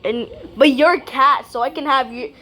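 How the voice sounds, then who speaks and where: A woman's voice: high-pitched, moderate pace, sharp tone. A young woman commenting on a video game she plays, playful and pleading in mock fright. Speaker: gamer.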